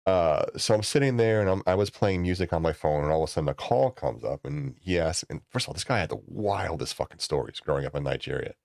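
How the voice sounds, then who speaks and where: A man with a very low voice that swings widely in pitch, telling rambling stories to friends. The sound is dry and close, and he swears casually as he goes. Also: lively intonation, fast, creaky, hardly any pauses, no echo. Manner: rambling anecdotes, swears freely, acts out voices high and loud. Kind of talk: casual storytelling chat.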